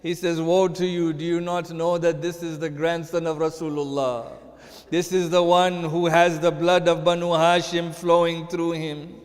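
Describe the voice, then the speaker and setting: A man's voice: a little high, little pitch movement, moderate pace. A man giving a sermon as a sheikh, telling a mournful story and rising into chanted lament. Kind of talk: sermon narration. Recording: long hall reverb.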